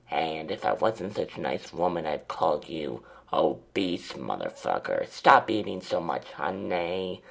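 Guy doing a crude chain-smoking lady host, real deep and gravelly, slow drawl, swears nonstop. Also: heavily acted. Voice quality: gravelly smoker's rasp. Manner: insulting, profane, drawling. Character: crude foul-mouthed 25-year-old woman smoker. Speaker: host of a call-in comedy show. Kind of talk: crude comedy monologue.

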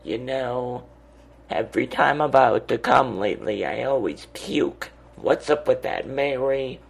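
A man's voice: medium pitch, lively intonation, unhurried, vocal fry, slightly rough. A man hosting a show in a crude, campy, vulgar comedic monologue, drawling. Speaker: podcast host.

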